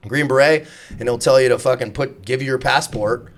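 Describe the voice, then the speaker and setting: Podcast guest, man in his thirties, mid-pitched, profane and animated, laughs a lot. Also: brisk. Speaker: podcast guest, former Navy SEAL. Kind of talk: casual podcast conversation.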